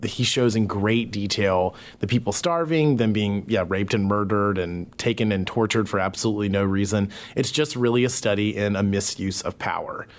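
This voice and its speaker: A man talking as a podcast guest, thoughtful and hesitant with many pauses and fillers. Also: lowish voice. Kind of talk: casual conversation.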